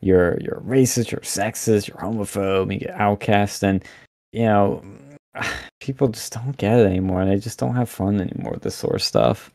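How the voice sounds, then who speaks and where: A young man talking as a podcast guest, animated and blunt, rambling with lots of fillers over a remote mic. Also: fairly low pitch, normal speed, dry recording, clean studio sound. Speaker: podcast guest, campus event organizer. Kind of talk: casual podcast interview.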